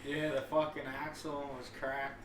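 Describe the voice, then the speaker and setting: A man's voice: a little high, monotone, a little slow, distant mic. A man, co-hosting a casual podcast and correcting details in his friend's stories. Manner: backs up and corrects the other host's story. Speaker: podcast co-host. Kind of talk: casual chat. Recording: roomy, off-mic, faint hiss.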